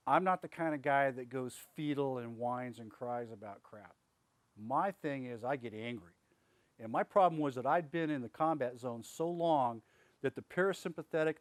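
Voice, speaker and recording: Man, veteran, candid personal testimony, blunt and plain-spoken, mid-pitched voice. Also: no room sound. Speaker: veteran telling his story.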